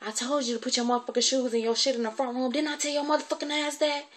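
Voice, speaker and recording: A woman voicing a harsh, domineering woman guardian who yells and swears while scolding a child. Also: high-pitched, level tone, rapid-fire, a little hiss or hum, pitched above the performer's own voice, close to an everyday voice. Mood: furious. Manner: yelling, profane scolding.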